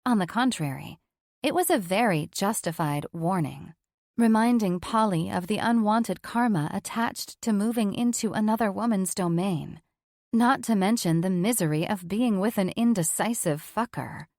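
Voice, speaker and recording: A woman's voice: mid-range voice, moderate pace, a little mellow, no echo. A woman reading a first-person audiobook in a frank, sardonic, unfiltered way, on a close studio mic. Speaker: audiobook narrator.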